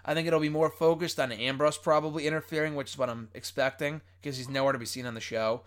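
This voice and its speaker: A fairly high-voiced man hosts a loose, casual podcast conversation. He talks in an excitable rush and keeps cracking up with laughter between thoughts. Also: quick pace, clear, resonant tone. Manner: excitable, often breaks into laughter. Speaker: podcast host. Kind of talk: casual chat.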